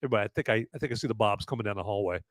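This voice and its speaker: A man hosting a live podcast, chatting in a rambling, jokey way with sudden loud, shouty bursts. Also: fairly low pitch, racing, dry recording, clean studio sound. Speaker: podcast host. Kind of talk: live-stream movie review chat.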